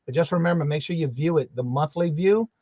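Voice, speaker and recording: A man's voice: a little high, brisk, warm tone, no echo. A man hosting a casual morning livestream, greeting viewers by name in a chatty, drawling way. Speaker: livestream host. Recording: slightly dull, lo-fi sound.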